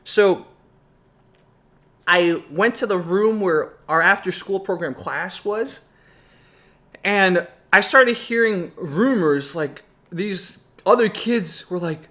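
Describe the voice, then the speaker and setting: High-voiced young man rambling through a memory. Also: slow, sharp tone. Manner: rambling, with frequent restarts and asides. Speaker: vlogger. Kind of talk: reflective personal storytelling.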